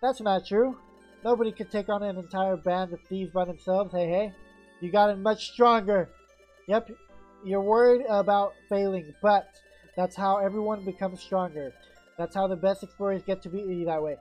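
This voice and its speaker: A woman's voice: medium pitch, moderate pace, muffled recording, faint music behind, lightly acted. Mischievous, upbeat guild leader in a game who encourages his pupils; a woman reads him. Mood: encouraging. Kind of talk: reading game dialogue aloud.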